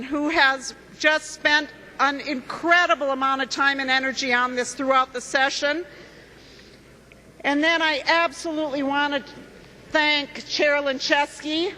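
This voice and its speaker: A woman with a high, bright voice makes an earnest case during a floor speech. Her words ring through the long reverb of a large legislative chamber. A faint hum of room noise sits underneath. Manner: earnest, persuasive speech growing emotional. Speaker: state legislator.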